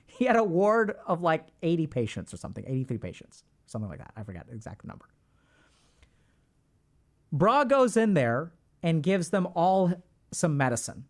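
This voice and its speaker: Middle-aged guy explaining stuff to his stream chat, pitch bouncing all over, punchy repeats. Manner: lively, emphatic, repeats phrases for stress; informal, talks to chat directly. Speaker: streamer host discussing mental health. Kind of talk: casual livestream lecture to chat.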